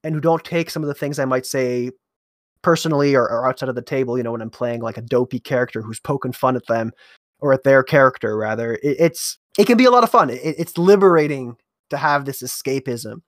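A man's voice: mid-range voice, a little fast, no room sound, studio quality. A man who runs a tabletop role-playing game, chatting casually and telling a story from his table with some hesitant restarts. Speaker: game master. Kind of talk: casual conversation.

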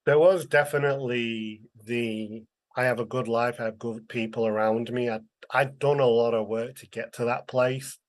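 An earnest man tells his life story in a candid, conversational way. His voice sits in a middle pitch, and he acts out the people he quotes with bright, lively voices. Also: normal speed, few pauses. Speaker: interview guest, author.

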